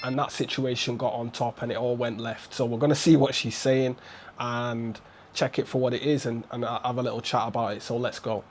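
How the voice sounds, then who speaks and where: A man's voice: mid-range voice, flat delivery, fairly quick, a little hiss or hum. A man, hosting casual reaction commentary in a laid-back, slangy way. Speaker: commentary host.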